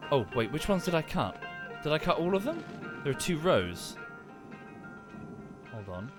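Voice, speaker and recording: British man, game streamer, very animated pitch, sweary, self-interrupting, clear background music. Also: unhurried. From United Kingdom. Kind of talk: casual gameplay commentary and chat.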